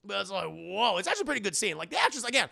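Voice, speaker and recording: A man's voice: sits high, big pitch swings, rapid-fire, vocal fry, sharp tone. A man casually retelling a movie scene as a reviewer, rambling with many restarts.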